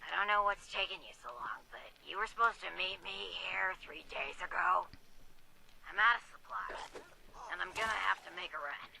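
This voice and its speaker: A blunt, gravelly scavenger. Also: female voice, medium pitch, lively intonation, moderate pace, bright, forceful tone, exaggerated voice, poor audio. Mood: impatient. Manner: blunt and impatient. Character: weary woman scavenger in a ruined city. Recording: game audio under gameplay noise.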